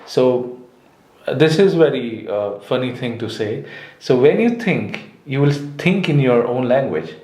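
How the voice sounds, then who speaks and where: A man's voice: medium pitch, expressive, measured pace, warm tone. A man from India, chatting casually and often restarting his sentences. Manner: hesitant, with frequent restarts and fillers. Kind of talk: casual conversation. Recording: roomy echo.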